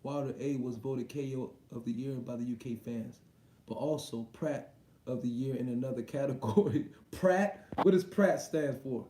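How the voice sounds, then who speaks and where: A man's voice: mid-range voice, normal speed, mellow, reverberant. A man hosting a boxing livestream, reading viewer comments aloud and reacting in loose, slangy, profane casual chat.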